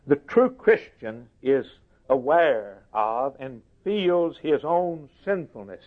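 A man preaching a sermon slowly and emphatically, lifting his voice for quoted scripture. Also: medium pitch, slightly rough. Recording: tinny phone-like recording.

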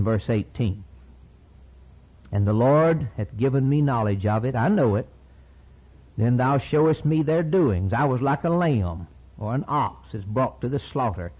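A man's voice: mid-range voice, husky, highs cut off. A man preaching a sermon with impassioned delivery, reading scripture aloud and voicing a prophet's prayer.

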